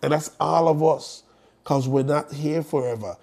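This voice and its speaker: A man's voice: fairly high pitch, measured pace, creaky, warm tone, slight background noise. A man, hosting a live stream and speaking bluntly and jokingly as he urges viewers toward estate planning. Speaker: host promoting an estate planning conference.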